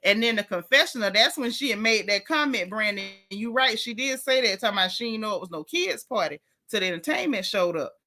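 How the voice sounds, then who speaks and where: Sassy, bright-voiced woman host. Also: mid-range voice, a little fast, few pauses, slight background noise. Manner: sassy, animated storytelling with slang. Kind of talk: casual reality TV recap commentary.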